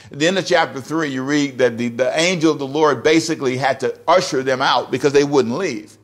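A man's voice: medium pitch, a little fast. A man preaching a sermon as pastor, emphatic and repetitive, often asking the congregation direct questions.

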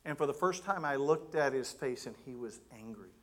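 A middle-aged man giving a sermon, telling a personal story in an animated way and acting out his own thoughts. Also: mid-range voice, normal speed. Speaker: guest preacher.

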